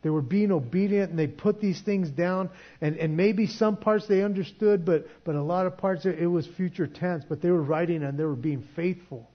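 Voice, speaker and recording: A man's voice: high-pitched, normal speed, few pauses, dull audio. A man preaching a sermon in a conversational way, often restarting his sentences. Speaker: pastor.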